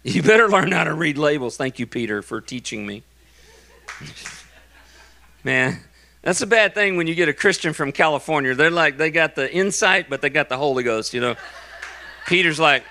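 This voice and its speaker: Folksy pastor with a bright, forceful voice. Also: male voice, a little high, expressive, normal speed, gravelly, long pauses. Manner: folksy, joking asides between emphatic preaching. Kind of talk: sermon. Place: church sanctuary.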